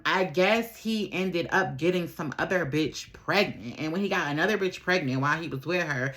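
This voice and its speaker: A woman's voice: sits low, a bit bright. A woman from Buffalo, New York telling a rambling, slangy story in a casual get-ready-with-me vlog, often repeating herself. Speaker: vlogger.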